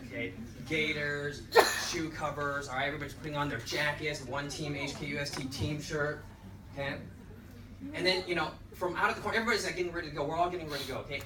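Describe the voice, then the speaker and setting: A man telling a lively story to an audience at a lunch talk, often checking in with "okay". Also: a little high. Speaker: presenter. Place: lecture room. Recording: echoey room, far mic, noisy.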